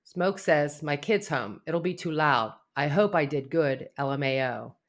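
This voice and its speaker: A man's voice: fairly high pitch, a little slow, a bit bright. A man reading out a string of text messages aloud, adding blunt, profane asides of his own. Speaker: commentary narrator.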